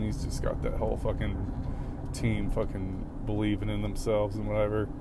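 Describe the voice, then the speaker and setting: A young man, hosting a casual solo podcast from his car, rambling with constant profanity and flaring into angry outbursts. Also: mid-range voice. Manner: profane rambling, flares into shouting at other drivers. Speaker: podcast host. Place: in a car on city roads. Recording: faint traffic noise from a car.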